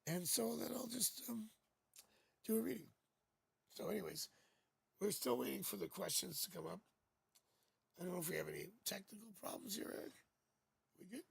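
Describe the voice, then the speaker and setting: A man's voice: high-pitched, normal speed, vocal fry, pauses often, breathy edge, no room sound. A man hosting a live tarot reading, talking casually and rambling, joking as he goes, on a new studio microphone. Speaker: psychic tarot reader hosting a live stream.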